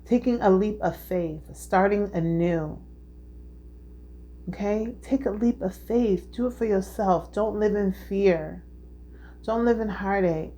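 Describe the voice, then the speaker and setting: There's a little hiss or hum behind this woman's mellow, medium-pitched voice as she slowly works through a heartfelt spiritual tarot reading. She is earnest and emotional, going over things again and checking in with her listeners.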